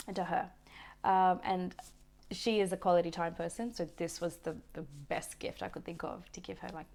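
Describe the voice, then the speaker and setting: A woman vlogger telling a personal story in a gentle, reflective way, often restarting her sentences. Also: lowish voice, vocal fry. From Australia. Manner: reflective, gentle, with frequent restarts and soft laughs. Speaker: wellness vlogger.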